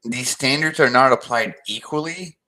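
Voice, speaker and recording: A man co-hosting a casual chat, giving short agreeing replies and measured remarks. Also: medium pitch, bright, forceful tone, rough recording.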